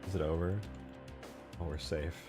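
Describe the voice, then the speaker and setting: A man streaming as he builds a game mod, chatting casually while he works. He mutters quietly as he models, then bursts out loudly to thank viewers. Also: low voice, fairly even intonation, moderate pace, music in the background.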